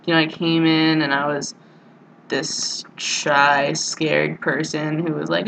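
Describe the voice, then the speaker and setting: A woman's voice: low voice, fairly even intonation, slow pace, gravelly, a bit bright, a little hiss or hum, poor audio. Rambling crude young woman vlogging. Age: young adult. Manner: rambling, crude and self-mocking, full of "like" and "you know". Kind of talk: casual vlog monologue. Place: college dorm room.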